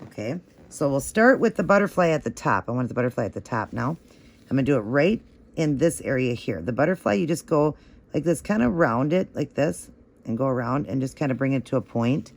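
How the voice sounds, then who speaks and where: Man with a gravelly, fried voice. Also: medium pitch, expressive, fairly quick. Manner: chatty and encouraging, gushing over the results. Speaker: nail art tutorial host. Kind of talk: step-by-step tutorial narration.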